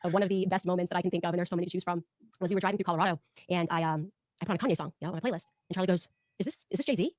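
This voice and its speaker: A woman rattles off anecdotes at breakneck speed in a low-set voice. She is animated and often slips into imitations when quoting people. The sound is dry and close to the mic. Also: no echo. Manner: rapid, animated, mimics others in quotes. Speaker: speaker telling personal stories. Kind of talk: recorded personal storytelling.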